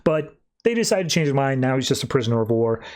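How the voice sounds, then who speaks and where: A man's voice: medium pitch, sing-song, fast talker, a little mellow. Casual man recapping comics on a podcast. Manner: loose retelling of scenes, heavy use of "like", paraphrased quotes. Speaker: podcast host.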